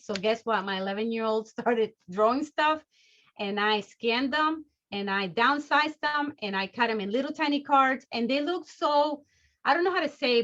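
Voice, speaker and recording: High-pitched bubbly woman doing a sales training on a video call, nonstop energy, kinda muffled lo-fi sound. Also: a bit bright.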